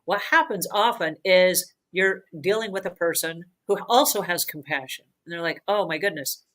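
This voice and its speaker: Bright, emphatic woman hosting a cleaning show. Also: fairly low pitch, moderate pace, poor audio. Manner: emphatic, repetitive, earnest and animated. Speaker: host of a cleaning advice show. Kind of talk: conversational advice talk.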